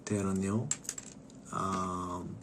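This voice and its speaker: A man talks over his game stream in a loose, rambling rant full of swearing and scorn. His voice sits fairly low, and his sentences often sink into quiet mutters before he picks back up. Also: level tone, very slow, noisy background. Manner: profane, rambling, contemptuous. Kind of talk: casual rant while gaming.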